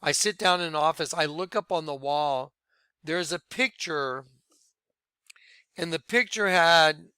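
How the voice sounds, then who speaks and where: Bright, crisp-voiced man preaching. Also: a little high, no room sound. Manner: earnest, drops to quiet hushed tones when quoting. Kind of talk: sermon-style testimony.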